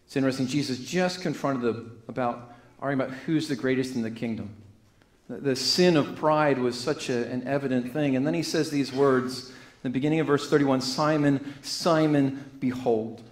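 In an echoey church sanctuary, a man preaches as pastor, reading scripture earnestly and restarting phrases as he goes. His voice is mid-range and his pace moderate.

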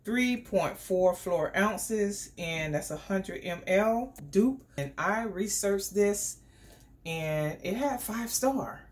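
Chatty, excitable woman unboxing at home. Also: mid-range voice, slow. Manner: chatty and excitable, talks straight to viewers. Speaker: beauty vlogger. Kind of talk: casual unboxing vlog. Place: home indoors.

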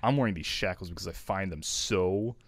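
A man's voice: low voice, brisk, a little hiss or hum. A man reading Knuckles' lines and narration in a casual, joking group reading of a fan story. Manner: joking, laughs between lines. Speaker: fan dub reader voicing Knuckles and narration.

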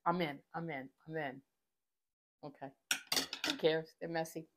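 A woman's voice: low-pitched, steady tone, unhurried, heavy background noise. A middle-aged woman hosting a casual home cooking vlog from her kitchen, chatty and enthusiastic as she shares kitchen tips. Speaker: cooking channel host.

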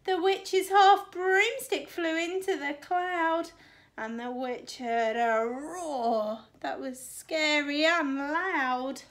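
A woman's voice: high voice, slow. A woman teacher reading a rhyming picture book aloud to children, with a sing-song rhythm. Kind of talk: expressive storybook read-aloud.

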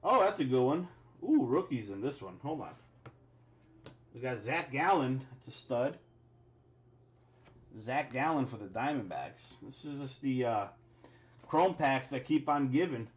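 A man's voice: mid-range voice, a little slow, pauses often, highs cut off. A man hosting a live sports card break, reading off player names as he opens packs and reacting to big pulls. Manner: rattles off player names, bursts into excited exclamations. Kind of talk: live card-pack opening commentary.

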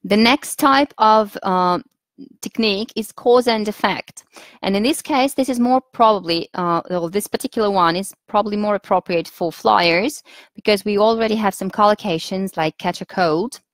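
A woman with a Russian accent leading a webinar lesson for teachers, patient and instructive, pausing often with fillers as she thinks. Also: medium pitch, dry recording. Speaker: teacher trainer.

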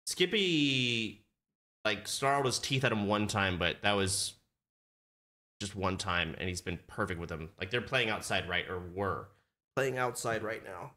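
A man streaming from his desk, talking casually and swearing now and then, slipping into high baby talk with a puppy. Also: measured pace, sharp tone. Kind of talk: casual live-stream chat.

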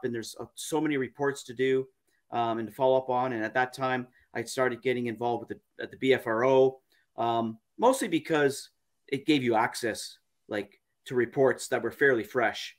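In a mid-range voice, a man appearing as a podcast guest stumbles casually through a story, full of filler words and repetitions.

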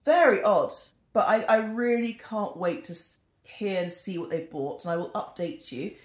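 A British woman vlogger telling a rambling, self-deprecating storytime at home in a casual, chatty way. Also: on the low side. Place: indoors in a home. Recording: echoey room.

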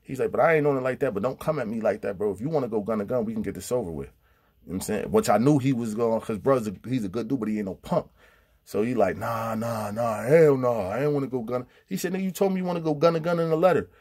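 Husky low-voiced man telling prison stories. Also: fast. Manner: animated, acts out quotes with big pitch jumps. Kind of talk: casual storytelling.

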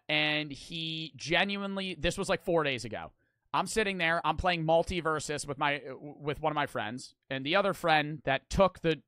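Animated rambling young man streamer. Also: fairly high pitch, smooth, no room sound. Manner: rambling, animated, swears a lot. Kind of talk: casual stream storytelling.

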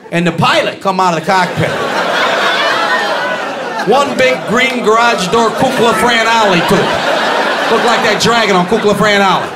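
A man doing a stand-up comedy routine on a club stage, ranting, shouting punchlines and bantering with the crowd. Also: sits high, very noisy. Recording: live club with loud audience laughter. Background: crowd laughing.

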